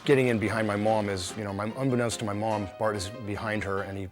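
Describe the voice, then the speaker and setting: A man's voice: fairly low pitch, steady tone, fast talker, over music. A man telling family anecdotes in an interview, a little hesitant with fillers. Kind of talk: interview recollection.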